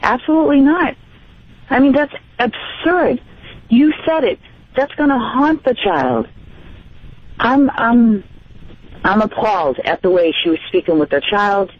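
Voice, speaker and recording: A woman's voice: fairly high pitch, unhurried, pauses often, no room sound. A woman calling a radio show, indignant and full of hesitations and fillers. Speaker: caller. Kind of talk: phone-in call. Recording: dull phone line.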